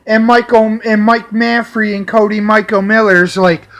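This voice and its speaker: A man's voice: high-pitched, little pitch movement, a bit bright. A man ranting angrily about people who stayed in his home, swearing heavily and in a heated tone. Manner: profane, heated, drawn-out delivery. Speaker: vlogger. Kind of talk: angry personal rant.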